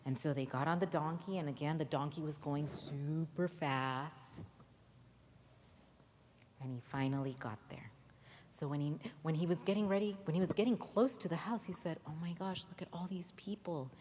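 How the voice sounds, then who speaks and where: A woman telling a Bible story to children at a church holiday Bible school, lively and often asking the kids questions. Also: deep voice, moderate pace. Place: church hall. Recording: reverberant hall, faint noise.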